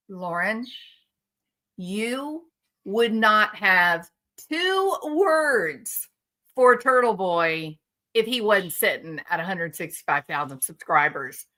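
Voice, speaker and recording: Female stream guest, slow, bright and sharp tone, heated scornful rant. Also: on the high side, very animated. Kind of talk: live-stream commentary.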